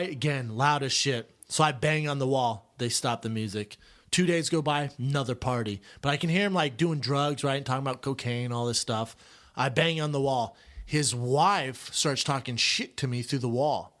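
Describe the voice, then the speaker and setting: A man hosting a podcast, telling a story in a relaxed, chatty way and acting out the people in it. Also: medium pitch, normal speed. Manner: storytelling, animated when quoting neighbors. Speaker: podcast host. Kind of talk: casual chat.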